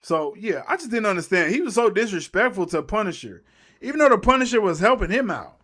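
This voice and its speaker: A man's voice: sits high, very animated, fairly quick, a bit bright. A man giving a casual, rambling movie recap as a YouTuber, slangy and trailing off mid-thought.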